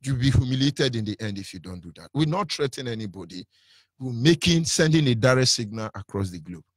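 A man's voice: mid-range voice, animated, fairly quick, breathy edge, no room sound, studio quality. A man with a Nigerian accent giving an impassioned, preacherly radio talk, fiery and defiant. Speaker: radio broadcaster.

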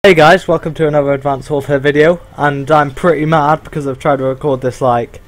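A man's voice: on the high side, fairly even intonation, brisk. A young man ranting and swearing through live commentary as he plays an online shooter. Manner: frustrated, ranting and swearing at lag. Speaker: gaming channel host.

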